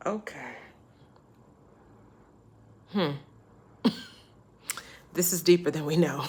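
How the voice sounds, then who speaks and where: Woman vlogger, casual storyteller, animated and chatty, lower-pitched, quick to laugh. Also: husky. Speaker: travel vlogger.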